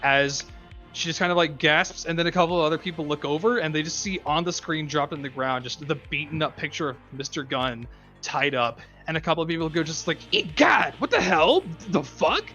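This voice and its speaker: A man's voice: fairly high pitch, steady tone, a little fast, bright, forceful tone, dull audio, soft background music. A man running a tabletop role-playing game as game master, narrating casually with many fillers. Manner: loose, filler-heavy storytelling.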